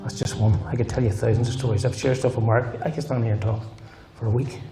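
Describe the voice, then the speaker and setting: A man's voice: mid-range voice, steady tone, fast talker. A middle-aged man with a Northern Irish accent giving his personal testimony in church, telling his story in an earnest, emphatic way and repeating his key phrases. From Northern Ireland. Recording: roomy hall with faint guitar.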